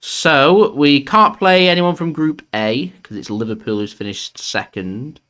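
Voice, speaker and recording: A young man hosts a live football watchalong for his fan channel, commentating on the match while chatting casually, joking, laughing often, and swearing. His voice is on the high side with a fairly bright tone and a measured pace.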